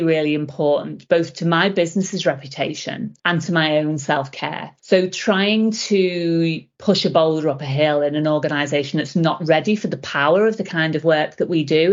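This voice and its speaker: A middle-aged woman, a leadership coach, answering interview questions as an animated storyteller who acts out conversations. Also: on the low side. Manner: animated storyteller, acting out dialogue. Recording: dull lo-fi podcast audio.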